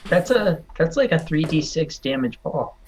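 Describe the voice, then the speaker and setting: A man's voice: on the high side, big pitch swings, normal speed, a crowd in the background. A man playing a tabletop game, chatty and thinking aloud as he moves. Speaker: player.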